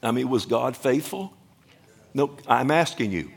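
A man's voice: mid-range voice, lively intonation, measured pace, gravelly, slightly rough. A man, a pastor, preaching a sermon and asking his congregation rhetorical questions.

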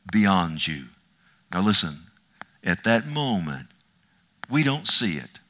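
Bright-voiced preacher teaching from scripture. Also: male voice, on the low side. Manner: reads scripture slowly, then asks the listeners pointed questions. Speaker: pastor teaching a Bible study. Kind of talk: expository Bible teaching with reading aloud.

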